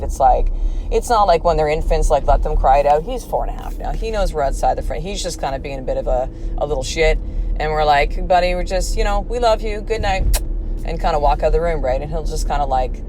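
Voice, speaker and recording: A woman's voice: low-pitched, brisk, darkish tone, slight background noise. A woman in her thirties hosting a podcast, talking candidly in a rambling, casual monologue, full of fillers and acted-out quotes. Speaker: podcast host.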